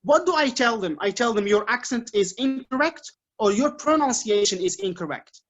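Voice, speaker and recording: Algerian guy teaching english, lively, keeps saying like, talky lecture vibe. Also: high-pitched, normal speed, lo-fi sound. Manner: lively, explanatory, frequent "like" fillers. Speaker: English teacher giving a talk. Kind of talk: informal lecture to students.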